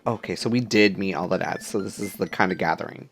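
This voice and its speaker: Man, let's play host, playful commentary, low pitch, faint music. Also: fast, vocal fry. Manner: joking, playful asides. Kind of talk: playthrough commentary and reading.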